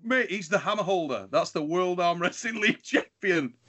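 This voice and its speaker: Male podcast host, excitable and giggly, bright lively delivery. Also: high voice, moderate pace. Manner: laughs often, excitable. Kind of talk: casual chat.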